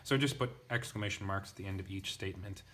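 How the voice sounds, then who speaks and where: A young man with a fairly low voice walks through a passage of ancient Greek grammar, parsing word by word. He talks casually and thinks aloud, stopping for asides and restarting sentences as he goes. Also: fast, a bit bright, a little hiss or hum. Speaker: Greek language teacher. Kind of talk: casual lesson.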